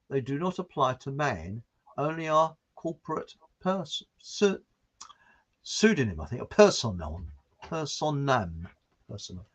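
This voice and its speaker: A man from southern England in rambling casual chat, telling long jokes and laughing at them. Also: a little high. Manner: chatty, tells long jokes, laughs at own jokes. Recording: dull lo-fi sound.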